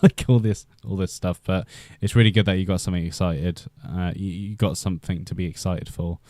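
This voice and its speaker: A man's voice: low-pitched, fairly even intonation, brisk, a little mellow, no echo. A young Welsh man hosting a casual live stream, rambling in a chatty way with lots of fillers and restarts. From Wales. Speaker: livestream host.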